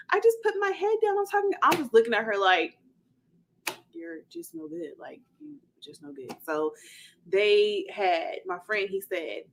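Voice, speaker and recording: A woman's voice: mid-range voice, rough recording. Woman vlogger doing a storytime, lots of "like", acting out what everyone said. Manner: animated retelling, quoting others, many fillers. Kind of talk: casual storytime.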